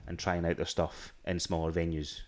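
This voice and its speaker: A man's voice: low voice, level tone, normal speed, a little mellow. A Scottish man co-hosting a podcast, telling stories in casual chat with many restarts. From Scotland. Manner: rambling storytelling with frequent restarts and laughs. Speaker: podcast co-host.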